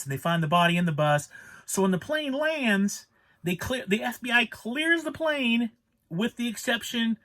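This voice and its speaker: A man's voice: high voice, a bit bright. A man giving a casual spoken movie review, rambling and exasperated, restarting his sentences as he rants.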